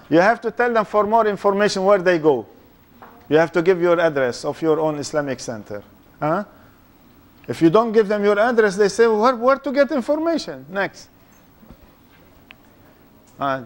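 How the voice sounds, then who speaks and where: An older man with a foreign accent giving an interactive religious lecture, quizzing his young audience and tagging points with "huh?". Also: a little high. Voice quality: speaks English with a foreign accent. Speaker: Islamic lecturer.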